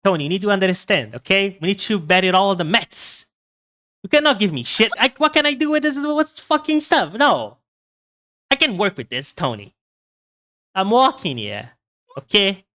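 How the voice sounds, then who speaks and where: A man's voice: high-pitched, lively intonation, moderate pace, pitched above the performer's own voice. Man putting on a brash New York mobster. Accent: New York, put on. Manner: brash, shouting Italian-American slang.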